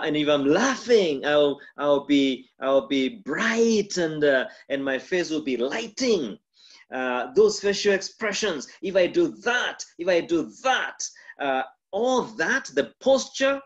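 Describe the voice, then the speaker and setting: A man with a Kenyan accent, a pastor giving a mentorship lecture on communication, demonstrative and full of pauses and shifts in volume. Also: lo-fi sound. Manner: lively, demonstrative, shifts volume and pitch to illustrate.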